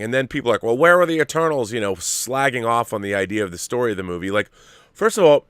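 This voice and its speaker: A man hosting his own show, talking about a film trailer in an animated way, full of fillers and restarts. His voice sits on the low side, and it is recorded dry and close with no room sound. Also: no room sound. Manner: animated, repeats words, many fillers. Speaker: show host. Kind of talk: casual commentary on a movie trailer.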